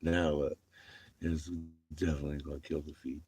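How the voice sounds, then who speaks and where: A man's voice: extremely low pitch, flat delivery, moderate pace, darkish tone, breathy edge, no room sound. A man livestreaming from his vehicle, chatting casually with viewers, laughing often and swearing freely.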